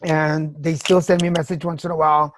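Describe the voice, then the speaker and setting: A woman's voice: deep voice, level tone, brisk, a little hiss or hum. A woman hosting a podcast, telling personal stories frankly with swearing and laughter. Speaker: podcast host. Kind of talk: candid casual chat.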